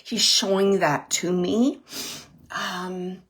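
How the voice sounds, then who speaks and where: Her voice medium in pitch and fairly even in intonation, this woman works as a psychic medium doing a live reading for someone in the audience. She gropes for words, pausing and repeating phrases as she relays the messages.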